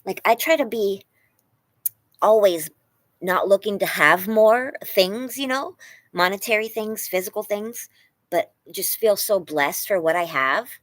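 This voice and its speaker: Gushing woman chatting lively with viewers. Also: mid-range voice, a little slow, dry recording. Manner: gushing, warm-hearted, full of praise; rambling with many fillers. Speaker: livestream host reading chat. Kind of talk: casual live chat with viewers.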